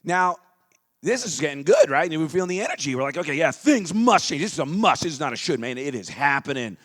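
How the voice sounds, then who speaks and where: A man giving an energetic motivational seminar talk, leading the crowd in chants and dropping into quiet asides. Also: on the high side, fast. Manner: energetic, leads crowd chants, swings between loud calls and quiet asides.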